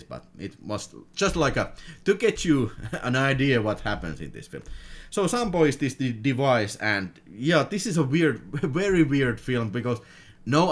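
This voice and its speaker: A man with a Finnish accent and Finnish as his first language, chatting casually through a film unboxing, laughing often and repeating words. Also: medium pitch. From Finland. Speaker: film collector vlogger.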